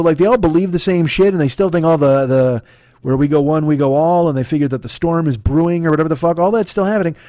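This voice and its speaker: A man hosting a comedy podcast in a profane solo rant, full of stammering restarts. His voice sits high for a man. The sound is close and dry, with no room in it. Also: a little mellow, no echo. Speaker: podcast host.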